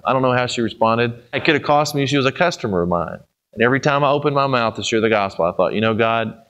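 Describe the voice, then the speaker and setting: A man preaching a sermon, telling stories and swinging between emphatic and hushed delivery. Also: on the high side.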